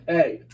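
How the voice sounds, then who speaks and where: A man's voice: a little mellow, muffled recording. A man doing crude, mocking commentary over a played clip, swearing and laughing often. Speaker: co-host roasting a video.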